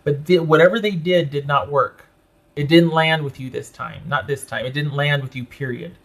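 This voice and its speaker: A man's voice: a little high, moderate pace, gravelly, a bit bright. A man giving a tarot reading to his viewers, talking emphatically and repeating phrases in an indignant, protective tone. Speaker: tarot reader.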